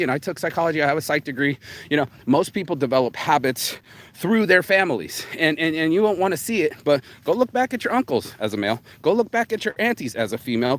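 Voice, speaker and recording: A man vlogging in casual motivational chat, rambling and streetwise, swearing freely and calling listeners "bro". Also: fairly high pitch.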